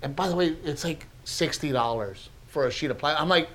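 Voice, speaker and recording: Animated man telling stories on a podcast. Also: a little high, brisk, hardly any pauses. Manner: animated storyteller who acts out other people's lines. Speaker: podcast co-host. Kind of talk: casual storytelling chat.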